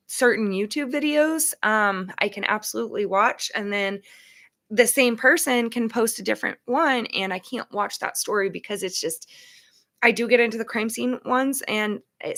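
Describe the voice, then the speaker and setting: This talk show host has a mid-range, creaky, somewhat bright voice. In a chatty, emphatic style, she openly discusses how she feels about empathy and setting boundaries on her casual show.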